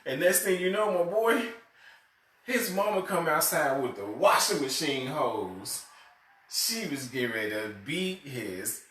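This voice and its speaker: Male host, casual storyteller, laughs through his stories; high, slow delivery; roomy, distant mic with faint hiss. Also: lively intonation, a bit bright. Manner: laughs a lot while telling stories. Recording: echoey room, mic far off, faint noise.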